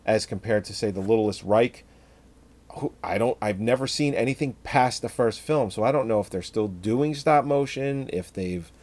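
A man's voice: lowish voice, normal speed. A man co-hosting a podcast, chatting casually about a horror film and acting out scenes with laughs. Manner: animated, acts out scenes with voices and laughs. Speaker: podcast co-host. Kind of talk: casual movie review chat.

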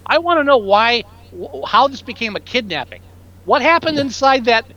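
A man co-hosting a casual movie-review podcast, animated and jokey, sometimes mimicking lines from the film. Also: very high-pitched, moderate pace, lo-fi sound. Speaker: podcast co-host.

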